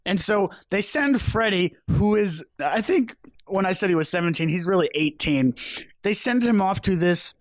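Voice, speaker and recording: A man's voice: sits high, expressive, moderate pace, no room sound. A young man co-hosting a podcast, rambling through a movie recap with sarcastic, crude jokes. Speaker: podcast co-host. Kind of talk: casual chat.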